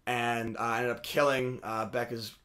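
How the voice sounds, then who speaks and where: Bright-voiced man chatting on a podcast. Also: medium pitch, little pitch movement, unhurried. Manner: rambling, restarts and laughs often. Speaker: podcast co-host. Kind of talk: casual chat.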